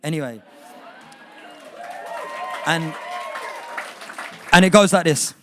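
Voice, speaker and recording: Poet, rambling then rhythmic. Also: male voice, a little high, expressive, normal speed, a faint crowd, slight background noise. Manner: rambling and chatty between poems, rhythmic when reciting. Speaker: performing poet. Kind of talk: live spoken word performance. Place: indoor poetry night venue.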